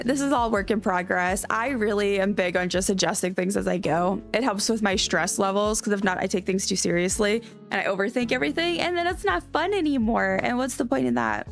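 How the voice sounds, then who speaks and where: A woman live streamer with a light Cajun-tinged Southern American accent, chatting casually in a rambling, self-correcting way and laughing often. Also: a little high. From Cajun country, US South. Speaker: live streamer playing a life-sim game.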